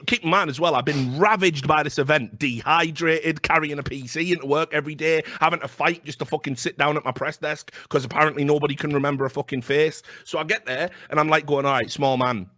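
Fast, brash, profane man. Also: fairly high pitch, no room sound, clean studio sound. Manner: brash, profane and animated, acts out quotes. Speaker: podcast co-host. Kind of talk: casual storytelling chat.

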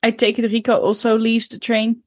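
A woman talking through her character at a tabletop game, pausing on fillers as she thinks aloud. Her voice is mid-pitched and recorded dry and close. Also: completely flat delivery, a little mellow, no room sound. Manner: hesitant, filler-heavy, in-character chat. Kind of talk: playing a tabletop role-playing game.

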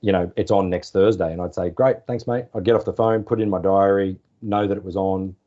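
An Australian man in his forties, a former sports journalist, telling relaxed anecdotes in a podcast interview. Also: low-pitched, fast. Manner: relaxed, anecdotal, acts out quoted phone calls. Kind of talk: casual storytelling interview. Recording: slightly dull podcast audio.

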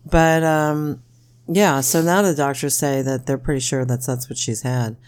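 A podcast co-host in casual chat, an animated storyteller who laughs often and keeps saying "you know". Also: measured pace. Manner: animated storyteller, jumps into high-pitched impressions, laughs often.

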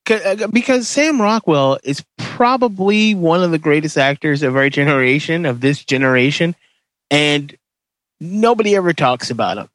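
A man hosting a casual movie podcast, excitable and profane, tripping over his words as he calls the votes. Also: a little high, normal speed, no echo. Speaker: podcast host running a movie bracket. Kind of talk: casual chat.

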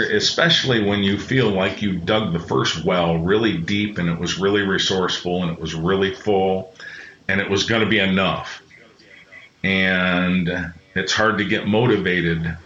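Low, bright-toned man in a roomy space. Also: moderate pace. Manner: earnest, rambling with frequent restarts. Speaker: podcast guest. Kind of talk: reflective personal storytelling. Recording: roomy, slightly muffled sound.

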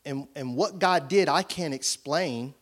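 A man preaching as a pastor in a church, telling a personal story with animated voices for each side of a conversation and laughing often as he talks. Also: a little high, unhurried. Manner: animated storytelling, acting out both sides of conversations; laughs often while talking. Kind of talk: sermon.

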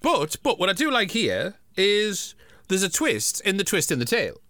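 A man's voice: sits high, wildly swooping pitch, normal speed, a bit bright, no echo, studio quality. A man co-hosting a podcast, making wry jokey asides about a comic. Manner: wry, jokey asides with droll put-on quotes. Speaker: podcast co-host. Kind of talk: casual comic chat.

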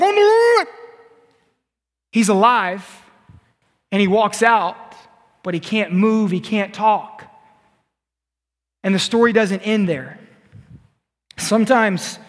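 A man preaching a sermon as a youth pastor, animated and playful, acting out scenes. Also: sits high. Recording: long hall reverb.

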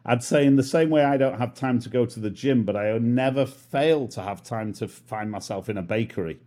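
A British man in casual conversation, self-mocking and quick to laugh. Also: medium pitch, mellow. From Britain. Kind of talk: casual chat.

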